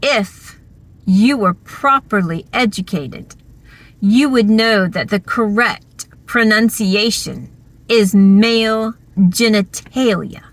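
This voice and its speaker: A woman voicing a stern, formal female high school teacher who speaks in a prim, precise way. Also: slow, no room sound.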